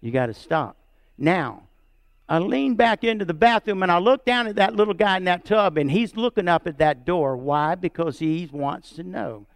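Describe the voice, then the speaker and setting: A middle-aged man preaching a sermon as pastor, telling a family story and checking in with "right?" and "amen?", rising high and loud to stress points and dropping soft for quiet lines. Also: lively intonation, normal speed, vocal fry, no echo. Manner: storytelling, repeats words, asks "right?" and "amen?" of the congregation.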